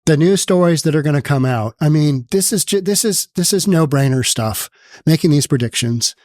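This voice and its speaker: A man's voice: a little high, lively intonation, normal speed, darkish tone, no room sound, studio quality. A man hosting an opinionated news commentary show, reading news aloud and riffing on it with sarcasm. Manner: sarcastic, mocks with put-on quoted voices; reads news text aloud, then riffs on it.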